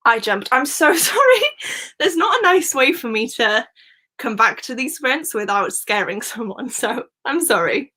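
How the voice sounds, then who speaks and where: Bright chatty woman live-streaming. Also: a little high, very animated, a little slow. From Wales. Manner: chatty, laughs often, reads out viewer comments. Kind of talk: casual live-stream chat.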